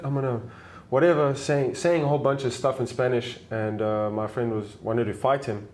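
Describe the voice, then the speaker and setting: A man's voice: medium pitch, normal speed, few pauses. A young South African man, a travel video maker, casually telling stories as an interview guest and acting out the voices of people in them. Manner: animated, acts out voices in his stories. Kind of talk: casual storytelling.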